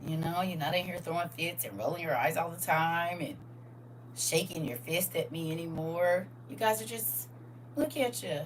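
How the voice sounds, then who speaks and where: A woman hosting a live-streamed Bible study, preaching in a lively, playful way and answering viewers' comments. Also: fairly low pitch, a little hiss or hum.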